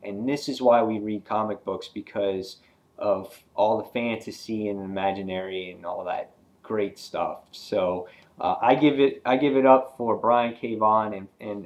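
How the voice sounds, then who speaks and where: Excitable rambling man reviewing comics. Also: on the low side. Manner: excitable, rambling, frequent fillers and restarts. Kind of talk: casual video review.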